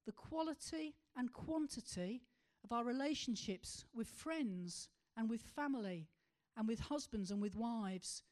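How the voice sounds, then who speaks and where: A woman preaching a sermon, asking rhetorical questions and slowing to stress key words. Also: on the high side, animated, a little mellow.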